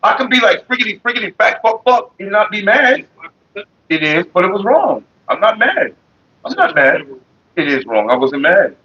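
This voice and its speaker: A man's voice: high voice, very animated, normal speed, sharp tone, husky, muffled recording. A man casually chatting with viewers on a livestream, loose and profane, laughing as he talks into a big microphone. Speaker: livestream host. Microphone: large studio microphone.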